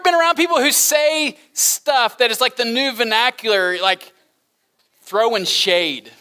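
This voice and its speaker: A middle-aged man preaching a sermon as pastor, animated and humorous, breaking into laughter during his asides. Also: extremely high pitch, unhurried, slight background noise.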